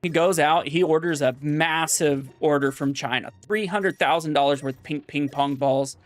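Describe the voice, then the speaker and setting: A man on a stream telling a long shaggy-dog joke, rambling, correcting himself and filling pauses. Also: a little high, soft background music. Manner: rambling, full of fillers and self-corrections.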